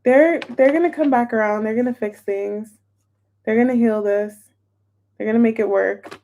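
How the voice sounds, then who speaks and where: A woman's voice: on the high side, normal speed, dark tone, slight background noise. A young woman chatting casually on a live stream as a tarot reader, bubbly and chatty and greeting viewers by name. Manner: chatty, bubbly, reads chat names aloud.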